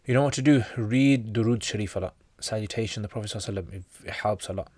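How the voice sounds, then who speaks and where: A man's voice: fairly low pitch, racing, a little mellow, no room sound. A British man hosting a casual livestream Q&A. He answers viewers' questions on Islamic practice in a chatty, informal way and reads each question aloud before he answers.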